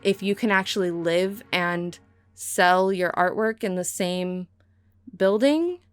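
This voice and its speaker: A young woman with a slight Minnesotan twang talks through her build in a relaxed, rambling voice-over. Her voice sits a little low, and she often pokes fun at herself. Soft music plays faintly behind her. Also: takes it slowly, smooth. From Southern California. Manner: chatty, rambling, self-deprecating. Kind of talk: casual voice-over commentary.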